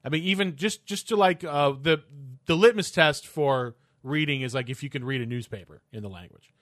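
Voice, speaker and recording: A man's voice: a little high, fairly quick, a bit bright, no room sound, clean studio sound. A man co-hosting a casual podcast chat, explaining at length with frequent restarts and hesitations.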